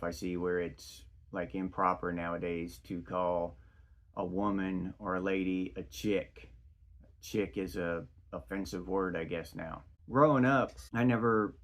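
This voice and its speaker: A middle-aged man hosting his own podcast, talking in a casual, rambling monologue full of restarts. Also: low voice. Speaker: podcast host.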